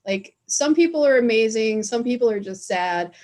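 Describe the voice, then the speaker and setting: A woman's voice: a little high, expressive, normal speed, background noise. A woman hosting a casual chat over a video call, talking loosely and joking, laughing often. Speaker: host.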